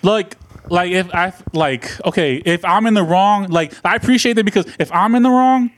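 Young male podcast host, slightly raised pitch, buzzed and rambling. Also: normal speed. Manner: rambling, tipsy, loud laughing. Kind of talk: casual chat.

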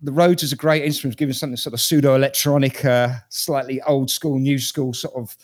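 A British man talks through an album in a relaxed panel chat. His opinions are blunt and frank, and he often repeats words while he gathers his thoughts. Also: medium pitch, a little fast. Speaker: music critic. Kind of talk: casual panel discussion.

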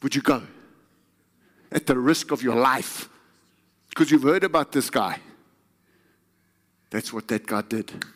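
A man's voice: medium pitch, slow pace, long pauses, fairly bright tone. A man preaching a sermon, emphatic and constantly asking the congregation questions. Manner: emphatic, addresses the crowd with frequent questions. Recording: echoey hall with long reverb.

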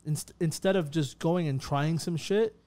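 A man co-hosting a podcast in loose, emphatic chat, swearing freely and calling everyone "bro". His voice sits a bit higher than most men's. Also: measured pace, dark tone. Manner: emphatic, profane, keeps saying "bro". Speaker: podcast co-host.

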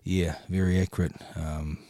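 A man's voice: sits low, flat delivery, moderate pace, dark tone, dry recording. Swearing New Zealand man, dry close sound. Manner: laid-back, swears freely, laughs through stories. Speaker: podcast guest, former boxer. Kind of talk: casual interview storytelling.

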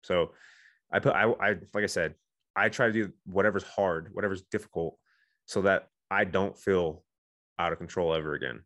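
A man's voice: sits low, moderate pace, a bit bright, dry recording. A man in his thirties, a guest on a talk show, telling his own story candidly and earnestly, with many restarts and "you know"s.

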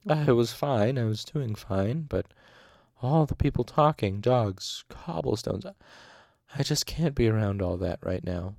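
A man's voice: mid-range voice, lively intonation, a little slow, vocal fry, no room sound, studio quality. A man voicing a frail, frightened man of about thirty, with a thin, reedy, shaky voice. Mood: fearful. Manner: soft, urgent and shaky.

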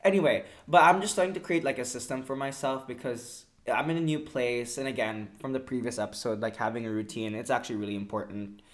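A man's voice: medium pitch, fast talker, hardly any pauses. Young male podcast co-host, easygoing and chatty, mid-range voice. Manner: relaxed, rambling chat with fillers, often laughing. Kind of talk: casual podcast chat.

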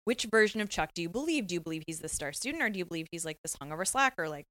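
A woman's voice: lowish voice, lively intonation, racing, fairly bright tone, no echo. A woman co-hosting a podcast, retelling a TV episode in casual chat and laughing often. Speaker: podcast co-host.

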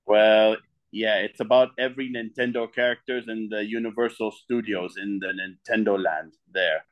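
A guest artist from the United Arab Emirates answers interview questions in a casual, eager way, frequently restarting and repeating his sentences. His voice is fairly low, with fairly even intonation and a normal speed.

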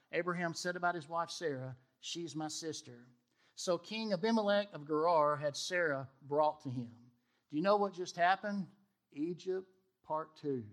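Animated man preaching, high-pitched. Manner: animated storytelling, acts out the dialogue of the people he quotes. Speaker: pastor. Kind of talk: sermon.

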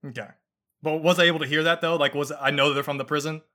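A man's voice: on the high side, fairly even intonation, fast talker, pushed and bright. A man playing in a tabletop game, chatting casually and stumbling over his words. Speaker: player. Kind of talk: casual tabletop role-play.

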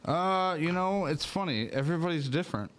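A man's voice: a little high, animated, a little fast, fairly bright tone. A man co-hosting a podcast in crude, joking casual banter, profane and meandering. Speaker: podcast co-host.

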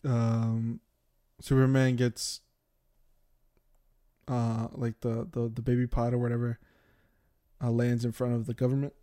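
A man's voice: medium pitch, completely flat delivery, unhurried, long pauses, warm tone. A young man co-hosting a podcast, chatting casually and jokingly, rambling with lots of fillers. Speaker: podcast co-host.

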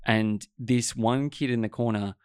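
A man hosting a podcast, chatting casually with his guest and sharing his own story in a halting, filler-heavy way. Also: mid-range voice, fairly even intonation, a little mellow, smooth, no echo, clean studio sound. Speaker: podcast host. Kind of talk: casual interview chat.

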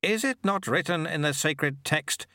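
A man voicing a calm, kindly old male sweeper monk who speaks in a gentle, reassuring way. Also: a little high, measured pace, dry recording, clean studio sound, pitched above the performer's own voice.

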